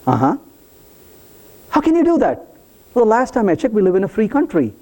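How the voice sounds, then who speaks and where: In a conference hall, a man gives a live technical talk, playfully teasing the audience as he walks through code. His high voice swoops wildly in pitch, and he speaks briskly with a darkish tone.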